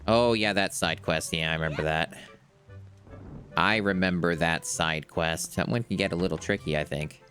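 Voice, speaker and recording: A man's voice: low-pitched, moderate pace, a bit bright, faint music behind. A man streaming a video game, musing aloud in a rambling, casual let's-play commentary.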